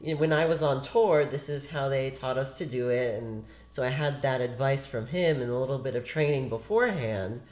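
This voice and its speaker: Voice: medium pitch, fairly quick, few pauses, darkish tone. An actor as a guest, telling a long story in a chatty, rambling way during a casual interview. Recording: roomy echo.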